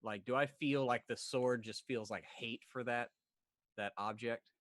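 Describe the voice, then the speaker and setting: A man playing a tabletop game, calmly describing what his character does. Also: mid-range voice, a little slow, no room sound. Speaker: player.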